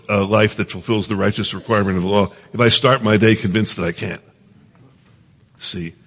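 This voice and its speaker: A man's voice: medium pitch, fairly bright tone, husky. A middle-aged man teaching from the Bible in an earnest, conversational way, often checking in with his listeners. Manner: earnest, asks the listeners often, many restarts. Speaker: preacher. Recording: long hall reverb.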